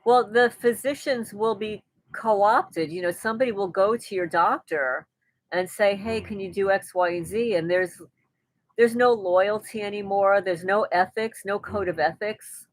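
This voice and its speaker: A woman hosts a relaxed live stream, reading viewer comments aloud and answering them in easygoing chat. She's talkative, restarts often and laughs lightly, speaking a little slowly at an ordinary middle pitch. The sound is close and dry, without room echo.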